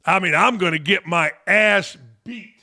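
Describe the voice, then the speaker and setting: Older guy hosting a live stream, high bright voice, brash and cussing, rambles through stories. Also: measured pace. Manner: brash, profane, rambling storyteller. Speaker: host of a live fan Q&A stream. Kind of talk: casual live-stream chat.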